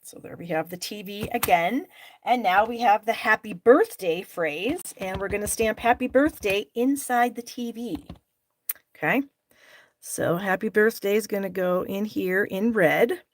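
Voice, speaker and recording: A woman's voice: mid-range voice, unhurried, slight background noise. A middle-aged woman hosting a live stamping class, chatting with viewers by name and openly frustrated at her own mistakes. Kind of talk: live crafting demonstration.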